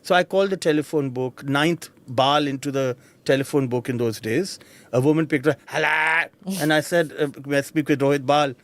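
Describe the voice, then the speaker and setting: A man's voice: mid-range voice, brisk. A middle-aged man with an Indian accent, telling personal stories as an interview guest and acting out the voices of the people in them. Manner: animated, mimics voices of people in his stories. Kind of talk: personal storytelling.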